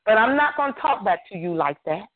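A woman's voice: medium pitch, sing-song, fairly quick. An older woman preacher delivering a fervent sermon over a phone call, driving her points home with emphatic repetition. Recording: tinny phone line.

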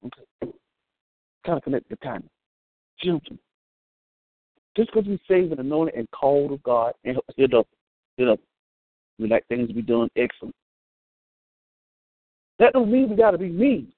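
A man preaching a sermon in an animated, humorous way, calling out to his congregation. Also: a little high, normal speed, pauses often, no room sound. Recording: thin phone-like sound, dry.

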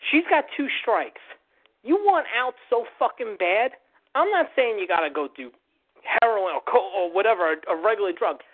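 A podcast host talks in a blunt, swearing, opinionated way at a medium pitch. The sound is thin and tinny, like a phone line. It is a loose, casual chat. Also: animated, normal speed.

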